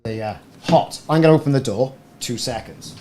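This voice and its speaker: A man chats loosely into a podcast microphone, with a mid-pitched, unremarkable voice. He rambles and pokes fun at himself. A faint fan hum sits underneath the recording. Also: normal speed, warm tone. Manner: rambling, chatty, self-deprecating. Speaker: gaming streamer. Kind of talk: casual live stream chat. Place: small warm home room. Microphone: desk podcast microphone. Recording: faint room fan noise.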